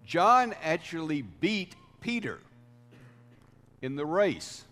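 Slow-preaching man in a reverberant hall. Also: a little high, sing-song, a bit bright, soft background music. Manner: deliberate preaching with swells of emphasis. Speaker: pastor. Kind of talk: sermon.

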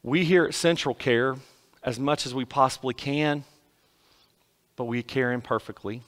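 Guy preaching in a church, mid voice, goes big then drops real quiet. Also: mid-range voice, measured pace. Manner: dramatic swings between loud emphasis and hushed lines. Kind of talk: sermon. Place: church sanctuary.

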